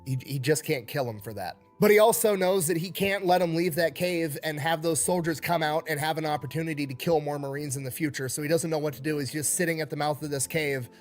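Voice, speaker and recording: A man's voice: on the high side, fast, hardly any pauses, soft background music. A man narrating a war story in a casual, blunt way, acting out the dialogue and swearing freely. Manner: blunt, profane retelling with quoted dialogue. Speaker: storyteller in a played video.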